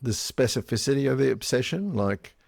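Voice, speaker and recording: A man co-hosting a podcast in casual chat, relaxed and wry, with some hesitation. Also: mid-range voice, fairly quick, gravelly, no echo, studio quality. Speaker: podcast co-host.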